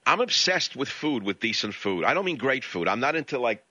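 A man's voice: mid-range voice, very animated, a little fast, pushed and bright, no room sound. A man in his sixties with a New York accent, a talk radio host giving a candid, self-deprecating monologue. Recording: dull lo-fi sound, dry.

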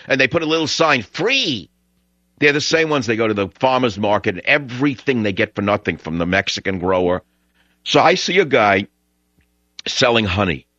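A man's voice: mid-range voice, a bit bright, dry recording. A man hosting a talk radio show, ranting sarcastically and drifting between stories. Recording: dull lo-fi radio sound.

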